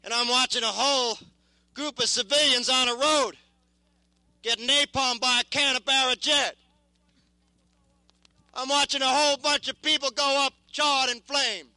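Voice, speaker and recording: High-voiced intense young veteran man. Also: steady tone, sharp tone, no room sound, poor audio. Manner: intense, repetitive, halting. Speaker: war veteran. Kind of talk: impassioned spoken testimony.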